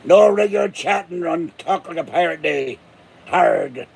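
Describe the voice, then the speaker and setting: A man's voice: high-pitched, moderate pace, gravelly, slight background noise. An older man from Pittsburgh, a channel host rambling through jokes and tall tales in a casual monologue. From Pittsburgh, USA. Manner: joking, chuckling, tall tales.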